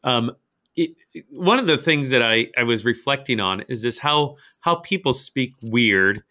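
A man from St. Louis, co-hosting a casual Bible podcast, chatty and quick to laugh, with many restarts. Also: mid-range voice, animated, pushed and bright. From St. Louis, Missouri. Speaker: podcast co-host.

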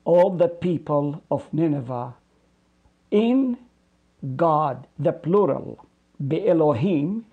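A man's voice: fairly high pitch, lively intonation, breathy edge, narrow, tinny audio. A middle-aged man, a pastor, teaching a Bible study in an earnest, preacherly way, repeating phrases for emphasis and drawing out Hebrew words. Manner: explains Hebrew words slowly, drawing them out.

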